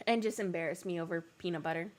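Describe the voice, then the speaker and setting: A young woman with a lowish voice talks quickly while streaming a game, chatting casually and telling stories between lots of laughter. She's a streamer and co-host, and her storytelling is giggly and animated.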